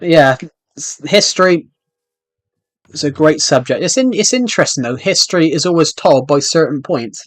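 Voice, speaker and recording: A man's voice: fairly high pitch, lively intonation, normal speed, no echo. A man hosting a gaming channel, chatting casually and rambling, with frequent restarts and fillers. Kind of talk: casual chat over gameplay.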